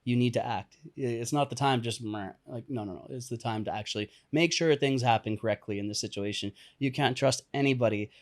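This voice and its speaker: A young adult man telling a dramatic personal story in a casual interview, animated, laughing often and acting out what people said. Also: mid-range voice, brisk, few pauses. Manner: animated, laughs often, acts out quoted lines. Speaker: podcast guest, entrepreneur and coach.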